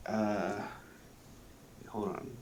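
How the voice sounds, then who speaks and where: A man's voice: fairly low pitch, little pitch movement, drawn-out words, a little mellow, slight background noise. A man playing a tabletop game, speaking hesitantly with laughs between words. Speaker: player. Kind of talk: tabletop game chat over a call.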